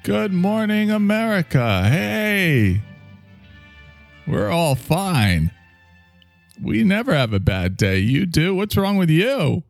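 A man's voice: high-pitched, very animated, takes it slowly, vocal fry, faint music behind, pitched above the performer's own voice, exaggerated voice. A man voicing an overly chipper morning TV show host, perky and singsong. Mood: chirpy. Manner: perky, singsong, forcedly cheerful.

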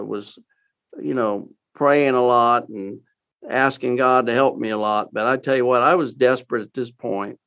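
An older man from Texas, a guest in an interview, telling his story in a folksy, halting way with many fillers and restarts. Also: mid-range voice, a bit bright.

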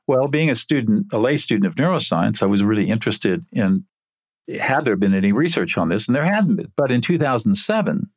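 An older man, an interview guest, telling a story from his work in an earnest, animated way. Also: on the low side, dry recording, clean studio sound.

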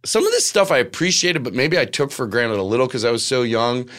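A man's voice: mid-range voice, expressive, a little fast, a bit bright. A middle-aged man, a comedian, telling a rambling personal story with lots of quoted dialogue. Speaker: guest comedian. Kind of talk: casual storytelling.

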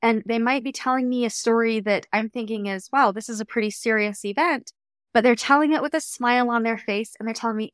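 A woman's voice: a little high, a little fast, clean tone, no echo. Earnest woman coach, dry close sound. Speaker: coach and podcast host. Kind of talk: solo podcast talk.

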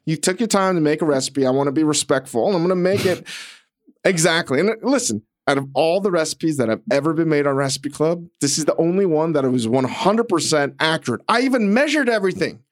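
Male podcast co-host, slightly high voice, profane comic ranting. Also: brisk. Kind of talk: casual podcast banter.

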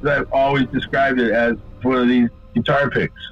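A man telling a long story in casual chat, rambling and swearing a lot, getting animated when he quotes people. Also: mid-range voice, moderate pace, muffled recording, over music.

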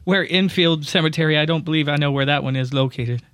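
A man's voice: a little high, fast talker, fairly bright tone, clean tone, no echo. A man playing a tabletop game, speaking in a hesitant, uncertain way. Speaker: tabletop player.

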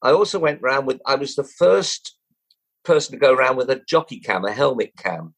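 A man's voice: mid-range voice, fairly quick, rough recording. An older man, a former jockey turned broadcaster, telling stories as an interview guest, acting out quoted voices and chuckling as he goes. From England. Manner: lively, acts out quoted voices, chuckles, restarts often. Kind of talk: anecdotal storytelling.

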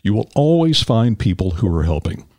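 A man hosting an interview, asking lively questions that stall on repeated words. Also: lowish voice, normal speed, no room sound. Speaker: podcast host, interviewer. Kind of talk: interview chat.

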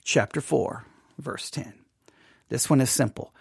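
A man leading an informal Bible study lesson, animated and questioning, acting out imagined objections. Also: medium pitch, a little slow, gravelly, breathy edge, dry recording, clean studio sound.

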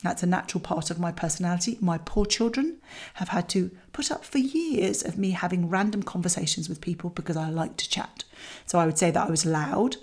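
Chatty mum-type coach, middle-aged, lowish voice, candid asides to parents. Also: female voice, brisk, darkish tone. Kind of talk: talking to parents about a child exercise.

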